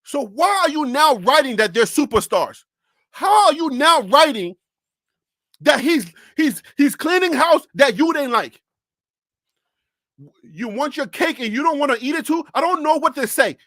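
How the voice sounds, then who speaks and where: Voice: sits high, animated, measured pace, a bit bright, dry recording, clean studio sound. A sports talk host on a live stream who rants animatedly, fires off rhetorical questions and repeats phrases, speaking into a desk USB microphone.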